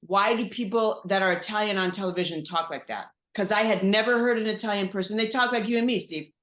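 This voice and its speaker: A woman from Michigan talks as a guest in a relaxed interview, animated and quick to restart her sentences. Her voice sits mid-range for a woman. The recording carries a noticeable roomy echo. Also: medium pitch. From Michigan, USA. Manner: animated, stops and restarts while searching for words. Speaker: guest actress. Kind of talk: casual interview chat.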